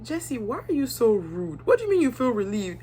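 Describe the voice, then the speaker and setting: A woman's voice: fairly high pitch, very animated, fairly quick, mellow, breathy edge. Young woman, casual and blunt, talks straight to camera with her own opinions. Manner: chatty, candid, acts out cast members' lines. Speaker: reality show reviewer.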